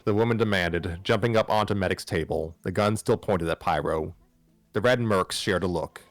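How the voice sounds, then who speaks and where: A man's voice: deep voice, normal speed, no room sound, soft background music. A man hosting a live stream, reading a fan story aloud with frequent stumbles, restarts and wry asides.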